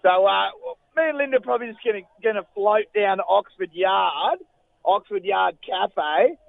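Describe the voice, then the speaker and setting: A man doing a laid-back, rambling Australian bloke who drawls and trails off mid-thought. His voice sits high and gravelly, squeezed through a tinny phone line with a dry sound. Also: moderate pace, dry recording. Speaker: caller.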